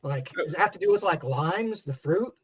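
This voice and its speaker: A man's voice: fairly high pitch, animated, moderate pace, far from the mic. A man on a movie review panel, chatty and asking questions. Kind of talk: casual movie review chat. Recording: dull lo-fi sound.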